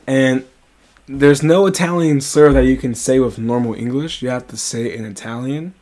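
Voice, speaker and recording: A young man co-hosts a casual podcast chat and tells a long story with animated, profane energy. His voice sits at an ordinary middle pitch. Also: moderate pace. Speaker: podcast co-host.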